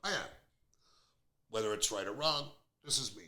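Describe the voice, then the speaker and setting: A man's voice: on the low side, expressive, moderate pace, pushed and bright. A man in his fifties hosting a podcast, talking bluntly and airing strong opinions in a casual chat. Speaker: podcast host. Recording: roomy echo.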